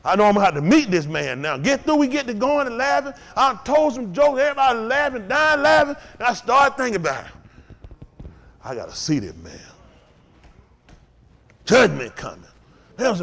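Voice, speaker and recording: A man preaching a fiery call-and-response sermon in a high, soaring voice. His pitch leaps and plunges constantly, and he goes from shouting to hushed, intense murmurs. He speaks in a folksy, repetitive cadence that builds up and falls away. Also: big pitch swings, a little fast. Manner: swings from shouted peaks to low intense murmurs. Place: house of worship.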